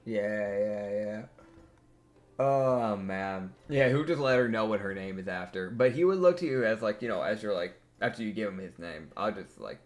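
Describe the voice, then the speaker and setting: A man running a tabletop game, chatting casually and laughing a lot. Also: lowish voice. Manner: laughs often, quick and animated. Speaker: game master.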